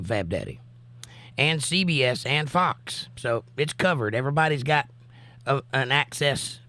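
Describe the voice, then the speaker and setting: A man's voice: mid-range voice, a bit bright, no echo. A man hosting a casual livestream, chatting and reading viewers' comments aloud, his voice still recovering from a cough. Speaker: livestream host. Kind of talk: casual live-chat commentary.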